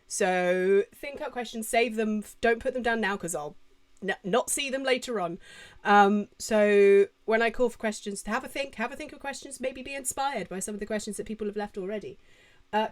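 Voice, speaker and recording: A young British woman chatting casually on a live stream from home, reading out viewer comments into a desk mic. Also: medium pitch. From Britain. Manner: chatty and self-interrupting, reading chat names aloud. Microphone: desk mic with adjustable gain.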